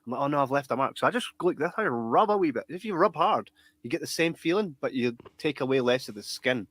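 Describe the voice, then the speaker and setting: A man's voice: fairly high pitch, lively intonation, fast talker, fairly bright tone, no room sound. A man, hosting a podcast and joking with his guests. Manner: jokey, chuckling interviewer. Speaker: podcast host. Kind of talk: casual podcast chat.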